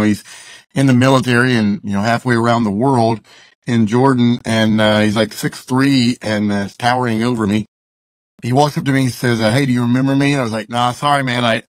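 A man from Arkansas, a guest in a relaxed interview, spins a story and slips into the voices of the people he quotes. His pitch sits mid-range for a man. The sound is close and dry, with no room echo. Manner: loose, chatty storyteller who acts out quoted dialogue. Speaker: guest, musician and youth speaker.

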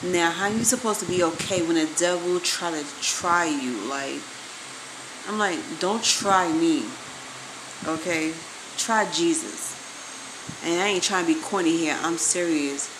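A woman's voice: on the low side, moderate pace, noisy background. A woman vlogging to her viewers, venting emphatically and swearing freely as she talks straight to the camera. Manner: emphatic, profane, addresses viewers directly.

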